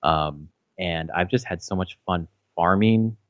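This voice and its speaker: Low-voiced man rambling casually. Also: measured pace, no room sound. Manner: rambling, with many fillers and restarts; swears casually. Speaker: podcast co-host. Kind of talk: casual podcast chat. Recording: slightly dull, dry audio.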